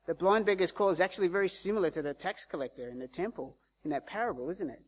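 A male preacher with a somewhat high voice. He talks through the sermon casually and conversationally. He slips into the voices of the people in the story as he tells it. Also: fast, husky. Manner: conversational, acts out quoted voices. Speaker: pastor.

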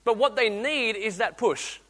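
A man in his thirties preaches a sermon in a high, bright voice. He tells stories animatedly, acting out voices and restarting his sentences. The sound carries the long reverb of a church hall. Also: a little slow. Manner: animated storytelling, acts out voices, restarts often.

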